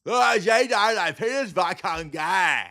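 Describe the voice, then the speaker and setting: A man voicing a dopey, crude, slow-witted male jokester in a mocking, drawn-out sing-song. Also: high-pitched, animated, gravelly, sharp tone, pitched above the performer's own voice, heavily acted.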